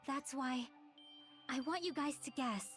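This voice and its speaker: A soft-spoken young girl from a video game speaks in a high, gentle voice. She sounds measured and hesitant, choosing each word with care. Faint music sits under her lines. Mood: pleading. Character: calm soft-spoken young girl who confesses as the traitor.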